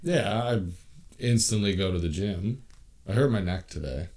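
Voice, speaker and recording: A man in his thirties co-hosting a podcast, chatting casually and telling stories in an animated, joking way. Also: lowish voice, moderate pace. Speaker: podcast co-host. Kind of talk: casual chat.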